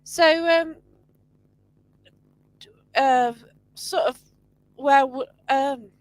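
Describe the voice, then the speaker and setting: A woman's voice: sits high, extremely slow, no echo, poor audio. A woman hosting an online interview, chatting casually, with hesitant restarts and personal asides. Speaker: host.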